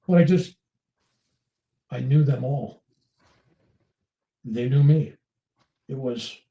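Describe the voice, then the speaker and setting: A man's voice: fairly high pitch, creaky, reverberant, recorded from a distance, rough recording. An older man being interviewed, telling a personal story in casual conversation and acting out the voices in it. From United States. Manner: animated, acts out dialogue in his story. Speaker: interview guest.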